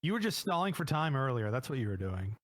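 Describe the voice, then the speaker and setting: A man chatting casually beside a streamer, relaxed and laughing along. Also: mid-range voice, fast, no echo. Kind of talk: casual chat.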